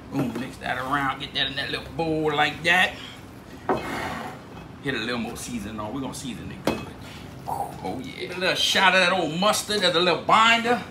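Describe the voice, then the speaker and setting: A Cajun man narrates his own cooking in a relaxed, drawling way, often tossing in a casual word of address. His voice sits a little high for a man. The sound is roomy and echoey, with loud ambient noise behind him. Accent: Cajun Louisiana. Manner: laid-back drawl, says "dude" a lot. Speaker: cooking channel host.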